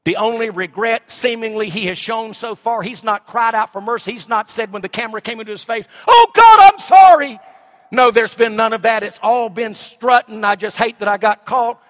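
Middle-aged man, pastor mid-sermon, bright ringing tone, big dynamic swings. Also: high voice, flat delivery, brisk, few pauses. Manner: swings from shouting to hushed asides.

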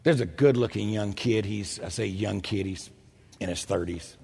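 An older man preaching a storytelling sermon, animated and self-mocking, with a husky voice. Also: normal speed. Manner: animated, self-mocking, jumps into loud high quoted voices. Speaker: pastor. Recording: echoey hall.

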